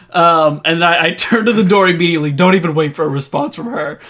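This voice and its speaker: Man, tabletop player, slightly high pitch, excitable, swearing. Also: fast talker, hardly any pauses. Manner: excitable, swears, laughs often. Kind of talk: casual tabletop role-play.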